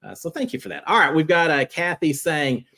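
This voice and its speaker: A man hosting a live reality-TV chat show, answering viewer questions in a chatty, animated way. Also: a little high, a little fast, creaky. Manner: chatty and animated, jumping between topics.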